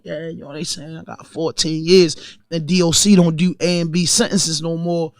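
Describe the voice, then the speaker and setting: A man's voice: sits high, a bit bright, no room sound, studio quality. A man in his thirties with a Baltimore accent, telling stories in a casual podcast chat and acting out the voices of the people in them. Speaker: podcast guest.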